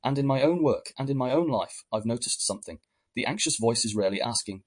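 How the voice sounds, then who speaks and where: A man hosting a podcast, giving measured, reflective scripted narration. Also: medium pitch, expressive. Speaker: podcast host.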